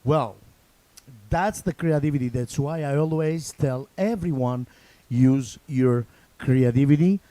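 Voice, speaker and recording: Relaxed, chatty Italian-accented man. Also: medium pitch, measured pace, dry recording. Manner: relaxed, chatty, loose phrasing with repeats. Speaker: drum teacher. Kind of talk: casual spoken drum lesson.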